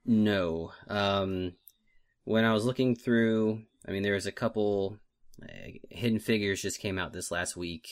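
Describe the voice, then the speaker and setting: A man's voice: on the low side, fairly even intonation, measured pace, smooth. A man co-hosting a casual movie podcast, rambling and self-deprecating with many fillers. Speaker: podcast co-host, film list maker.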